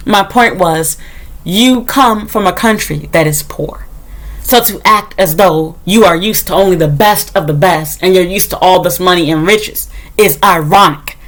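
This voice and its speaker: A woman's voice: fairly low pitch, a little slow. Blunt, profane American woman ranting. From United States. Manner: blunt, profane and sarcastic, mocking others in put-on voices. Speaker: vlogger. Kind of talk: casual storytime rant.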